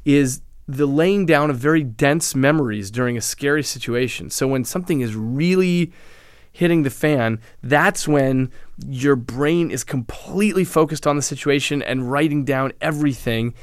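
Male scientist guest, measured explainer, mid-pitched, dry close recording. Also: clear, resonant tone, no room sound. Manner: explanatory, measured, frequent restarts. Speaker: neuroscientist guest. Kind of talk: interview answers.

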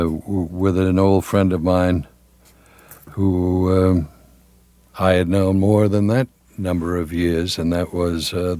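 A man's voice: sits low, a little mellow, no room sound. An older man, a veteran television announcer, reminiscing in an interview with many fillers and restarts.

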